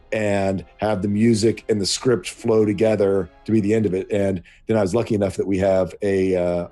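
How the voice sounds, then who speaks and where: A man with a low, mellow voice talks about running a tabletop game. He speaks thoughtfully and pauses with fillers, with faint music in the background. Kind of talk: casual tips discussion.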